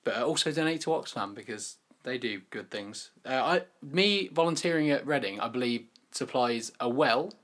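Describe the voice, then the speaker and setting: A man's voice: medium pitch, lively intonation, moderate pace, few pauses, a bit bright. A young man co-hosting a music podcast, chatting casually with dry, sarcastic asides. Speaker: podcast co-host. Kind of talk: casual chat.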